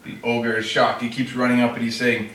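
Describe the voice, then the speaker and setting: A man with a mid-range, fairly bright voice speaks a little fast and completely flat, loosely telling a fable with fillers and self-corrections to illustrate a classroom storytelling trick. The mic is distant, the room echoey, and there's faint noise.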